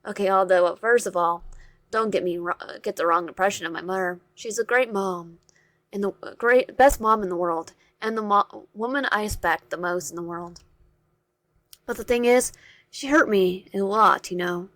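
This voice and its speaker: Brief: woman reads as a soft-spoken, troubled teen boy from a visual novel, halting delivery, dry close sound, mid-range voice. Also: medium pitch, no room sound, close to an everyday voice. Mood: hurt. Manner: halting, stumbling over words.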